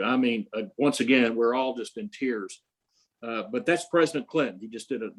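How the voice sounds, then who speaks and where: A man's voice: medium pitch, a little fast. Older man telling long anecdotes. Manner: rambling anecdotes with many fillers and restarts. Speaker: interview guest, prize creator. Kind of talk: storytelling in an interview.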